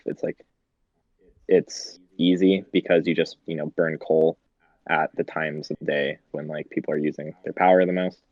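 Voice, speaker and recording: A man's voice: very deep voice, darkish tone, dry recording, muffled recording. A young man co-hosting a podcast in casual chat, laughing often and swearing, with lots of fillers. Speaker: podcast co-host.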